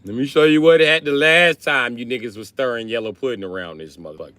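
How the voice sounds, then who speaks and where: A man's voice: mid-range voice, fast, bright, forceful tone, clean tone, no room sound. A man riffing profanely on a livestream, switching between bits as he talks. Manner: profane, riffing, jumps in and out of voices. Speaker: comedian streamer.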